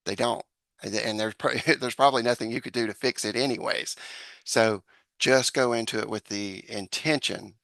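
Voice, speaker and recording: A man's voice: medium pitch, steady tone, normal speed, vocal fry, a bit bright, dry recording. A man speaking as a podcast guest, giving earnest advice with hesitant restarts and acted-out example dialogue. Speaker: podcast guest, social psychologist. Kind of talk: conversational advice in an interview.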